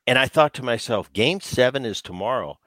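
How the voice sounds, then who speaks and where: A man who is a former player and co-host, talking baseball in casual, animated chat full of restarts. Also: mid-range voice, a little fast, dry recording. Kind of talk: casual sports talk.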